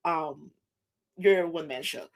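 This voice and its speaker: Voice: mid-range voice, a little slow. The host of a casual interview chat, who laughs easily and keeps nodding along with short replies.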